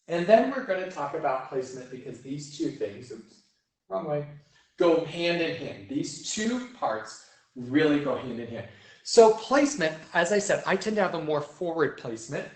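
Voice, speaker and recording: A young man teaching vocal technique to a choir, explaining step by step and often checking in with "right?". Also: fairly high pitch. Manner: sings vocal demonstrations. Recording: roomy echo.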